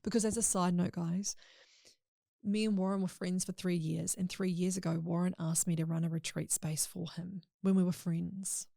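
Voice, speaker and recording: Woman guest spilling a personal story, lots of "like", bit of vocal fry. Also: lowish voice, steady tone, moderate pace, warm tone, no room sound, clean studio sound. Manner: candid, emotional storytelling with frequent "like". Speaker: podcast guest. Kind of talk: casual chat.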